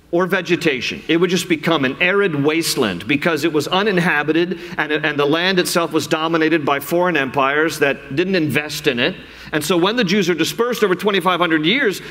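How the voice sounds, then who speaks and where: A man preaching a sermon in a measured, explanatory way, reading scripture aloud, in a reverberant hall. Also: a little high, fairly bright tone. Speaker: pastor.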